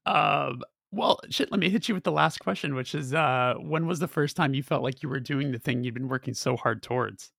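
Gravelly casual man host, dry sound. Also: mid-range voice, fairly quick, few pauses, fairly bright tone, no echo. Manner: casual, swears lightly, lots of eager affirmations. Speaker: podcast host. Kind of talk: casual interview chat.

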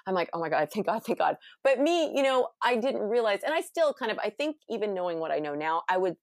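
A middle-aged woman from California, chatting casually and telling a story with animated acted-out quotes. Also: medium pitch, quick pace, no room sound, studio quality. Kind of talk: casual conversation.

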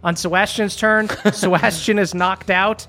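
Casual young game master narrating. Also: male voice, sits high, steady tone, a little slow, sharp tone. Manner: casual, swearing, dramatic storytelling.

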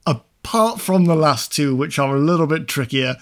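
A man's voice: on the high side, lively intonation, moderate pace. A man hosting a podcast in casual chat, running a quiz with long, teasing build-ups.

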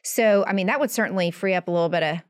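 A woman's voice: medium pitch, very fast. A woman hosting a business interview who asks questions in a conversational way, with frequent "you know" fillers. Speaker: interview host.

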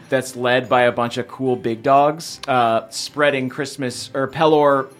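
A woman player in a tabletop game, excitable and prone to squeals. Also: extremely low pitch, slow pace, faint music behind. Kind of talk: casual tabletop play.

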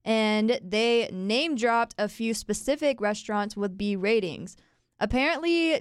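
Chatty young woman with a smooth voice. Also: mid-range voice, no echo, clean studio sound. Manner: chatty, lively, laughs easily. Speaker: podcast co-host. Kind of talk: casual local-news chat.

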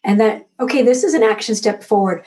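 A woman in her forties, an author guest, telling a personal story in a candid, emotional, animated way. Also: a little high, brisk. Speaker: author and magazine editor, guest. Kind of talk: conversational interview.

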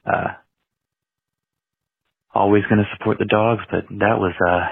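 Male caller, low and deadpan, hesitant, tinny dry phone-line sound. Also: vocal fry, husky, dry recording. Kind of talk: voicemail message.

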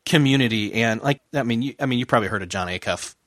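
Earnest halting man, dry mic. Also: mid-range voice, fairly bright tone, no echo. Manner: earnest, halting, many restarts. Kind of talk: casual podcast conversation.

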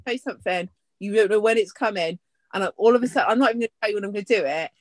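A woman co-hosting a casual podcast chat from home, self-deprecating and quick to protest. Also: mid-range voice, no echo. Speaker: podcast co-host. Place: home with a pet dog nearby.

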